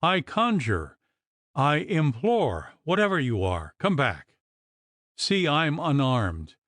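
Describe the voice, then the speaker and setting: A man voicing a desperate, agitated young gentleman in an audiobook, with a piercing, trembling, pleading voice. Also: on the high side, huge pitch swings, takes it slowly, dry recording, voice pushed up, exaggerated voice. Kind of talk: audiobook character reading.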